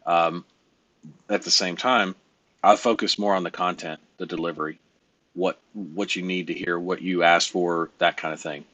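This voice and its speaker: A man's voice: sits low, fairly even intonation, moderate pace, sharp tone, no room sound, muffled recording. A man coaching a trainee in sales over a call, blunt and emphatic, rambling through his points.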